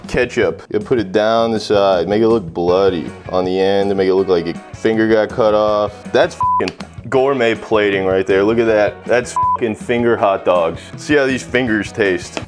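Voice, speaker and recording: A man's voice: on the low side, unhurried, over music. A young man hosting a comedic cooking video, joking crudely and swearing as he cooks and tells stories. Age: young adult. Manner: crude, profane, self-mocking jokes. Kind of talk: casual comedic cooking vlog.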